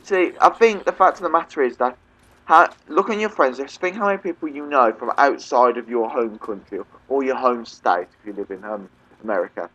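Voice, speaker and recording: A man's voice: medium pitch, fairly quick, a bit bright, muffled recording. A young man from England with a Midlands accent, ranting casually over gameplay and often asking "okay?". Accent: English Midlands. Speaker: gaming YouTuber.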